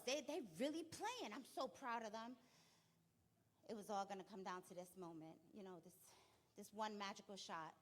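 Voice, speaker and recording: Young woman doing stand-up, bright sharp voice, acts out people as she goes. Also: mid-range voice. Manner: animated, acts out characters in quick bursts. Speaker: stand-up comedian. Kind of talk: stand-up storytelling. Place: comedy club stage.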